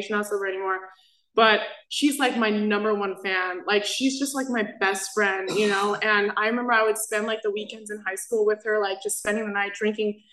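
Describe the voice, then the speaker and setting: A woman's voice: medium pitch, a bit bright, roomy sound, low-quality recording. A woman in her twenties giving a personal recovery share as main speaker, rambling and packing her talk with "like" fillers. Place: meeting room.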